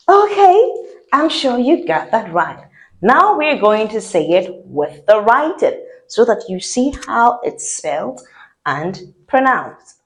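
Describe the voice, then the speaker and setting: A woman leads a French language lesson, drilling each word several times so listeners can repeat it. She speaks very slowly and deliberately, and her pitch swings up and down with a lively, sing-song lift. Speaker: French teacher.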